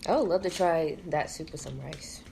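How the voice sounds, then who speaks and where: A woman co-hosting a casual podcast over a meal, giving short, low-key replies. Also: moderate pace, gravelly, a little mellow, a little hiss or hum. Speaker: podcast co-host. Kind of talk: casual chat while eating.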